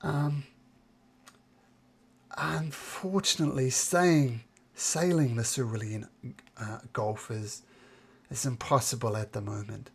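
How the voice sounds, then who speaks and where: A woman narrating as game master of a tabletop game on a voice call, relaxed and chatty, with many fillers. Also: extremely low pitch, slow pace, vocal fry, slightly rough. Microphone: computer mic on a voice call.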